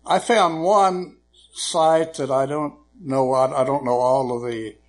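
A male preacher telling folksy jokes and stories in an unhurried sermon, with frequent fillers. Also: medium pitch, fairly even intonation.

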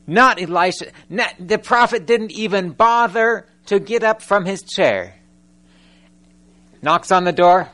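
Lively male preacher, fairly high voice. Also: measured pace. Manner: animated storytelling, acting out scripture characters; frequent rhetorical questions to the congregation. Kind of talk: sermon.

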